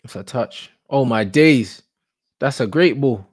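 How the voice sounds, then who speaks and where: A young man, giving live reaction commentary on football, slangy and shouting in disbelief. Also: mid-range voice, animated, a little slow, slightly rough, no echo. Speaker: football watch-along streamer.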